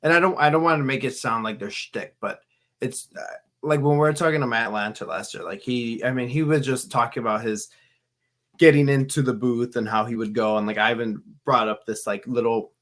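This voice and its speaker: A man co-hosting a fan podcast, telling stories in an animated way with restarts. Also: mid-range voice, fairly quick. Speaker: podcast co-host. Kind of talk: casual podcast chat.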